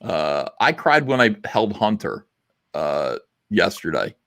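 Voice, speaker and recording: A man's voice: lowish voice, big pitch swings, slow pace, a bit bright, dry recording, studio quality. Blunt rambling man on a livestream. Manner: rambling, blunt, with many fillers. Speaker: livestream host. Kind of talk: casual livestream chat.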